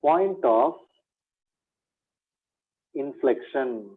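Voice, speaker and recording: A man's voice: mid-range voice, lively intonation, drawn-out words, narrow, tinny audio. A man teaching an exam revision lecture in maths, repeating key points, asking rhetorical questions and calling his students "my dear".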